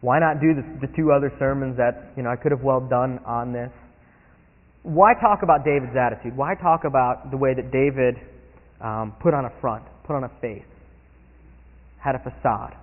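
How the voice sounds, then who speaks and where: A man preaching a sermon, retelling a Bible story in animated storytelling style and acting out the characters' lines. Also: mid-range voice, normal speed. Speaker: pastor. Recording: tinny phone-like sound in a long-reverb hall.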